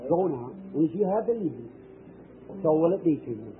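A man preaches at a healing service, fervent and emphatic as he calls out to people before him. His voice sits high for a man. The sound is thin and tinny, like an old tape, with a faint hiss underneath. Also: lively intonation, normal speed. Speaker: evangelist preacher.

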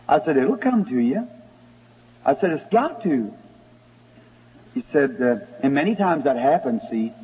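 A man preaching a sermon, telling a story in a folksy way and rising to excited shouts at times. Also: on the high side, husky. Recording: tinny lo-fi old sermon recording in a reverberant hall.

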